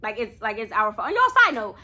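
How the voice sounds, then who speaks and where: A woman's voice: fairly high pitch, sing-song, fairly quick, pushed and bright. A young woman telling a casual storytime to her viewers, chatty and talking straight to them. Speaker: vlogger.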